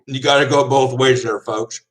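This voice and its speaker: A man's voice: medium pitch, steady tone, moderate pace, low-quality recording. A man from the United States chatting casually as a vlogger, wry and sarcastic. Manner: wry, sarcastic, laughs often. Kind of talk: casual chat.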